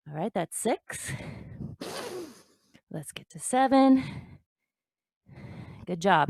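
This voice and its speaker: A woman instructor talks the viewer through a home workout, counting each rep and cheering them on. Her delivery is slow and deliberate at a middle pitch. The sound is dry and close. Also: a little mellow, dry recording. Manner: encouraging, counting reps aloud. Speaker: fitness instructor.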